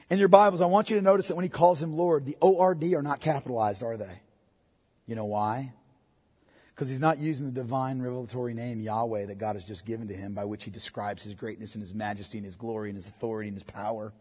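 Male pastor, high and husky voice, dynamic sermon delivery in a reverberant hall. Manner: swings from hushed to loud emphatic preaching.

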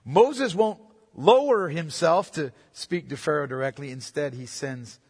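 A man's voice: fairly high pitch, measured pace, slightly rough. A man preaching an expository sermon to a congregation, emphatic and repetitive, asking the room questions. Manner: emphatic, repeats points, asks the congregation questions. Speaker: pastor. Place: church sanctuary. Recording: reverberant hall.

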